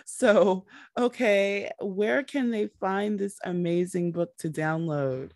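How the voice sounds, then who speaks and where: A woman's voice: lowish voice, animated, a little slow, a little mellow, no room sound, studio quality. A woman hosting an interview, gushing with praise and enthusiasm for her guest. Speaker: host. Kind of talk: interview conversation.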